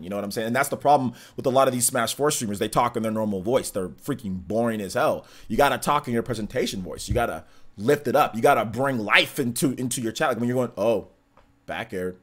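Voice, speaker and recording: A young man hosting a live stream, answering chat in a hyped, raised presentation voice and trash-talking playfully. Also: medium pitch. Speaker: livestream host.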